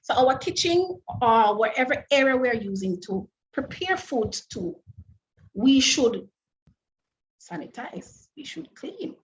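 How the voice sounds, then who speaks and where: Speaking through a webinar mic on a muffled recording, this woman's high voice swings widely in pitch. She's presenting a food safety lecture online, working through it with careful, deliberate explanations, frequent restarts and a stream of rhetorical questions for listeners.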